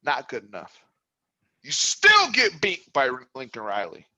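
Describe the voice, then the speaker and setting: A man hosting an instant-reaction sports talk show, a frustrated fan venting about the game, at times raising his voice to a yell. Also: medium pitch, huge pitch swings, a little slow, rough recording. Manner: impassioned, builds to yelling.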